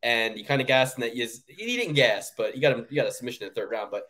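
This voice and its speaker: A man co-hosting a fight-betting show in loose, profane chat. He rants with big swings in pitch and drops his voice low when he trails off. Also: very fast. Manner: animated, profane ranting with big pitch jumps. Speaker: podcast co-host. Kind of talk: casual sports betting chat.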